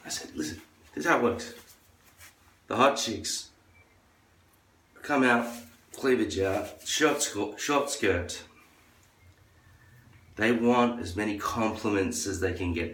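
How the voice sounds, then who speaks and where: A man delivering a crude, profane, rambling monologue as a vlogger. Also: a bit bright. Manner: crude, profane ranting; acts out others in a high falsetto. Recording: echoey room, far from the mic.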